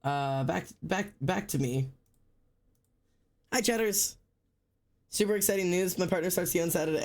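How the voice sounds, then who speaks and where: Drawing during a livestream, a man with a sore throat rambles along with deliberately low energy, swearing without restraint in casual chatter.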